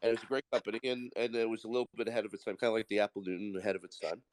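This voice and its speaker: A man's voice: lowish voice, steady tone, racing, slight background noise. A man, calling in to a live audio Q&A and speaking bluntly and at length. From the Bronx, New York. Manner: blunt, rambling and emphatic. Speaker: caller asking a question.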